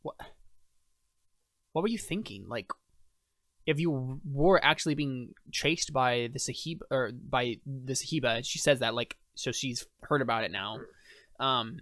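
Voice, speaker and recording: A man's voice: mid-range voice, fairly bright tone, no echo, close to an everyday voice. A man voicing Yuvana, a proud noblewoman who scolds an unwelcome guest, in a tabletop game. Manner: scolding, lecturing. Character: stern proud woman noble, annoyed.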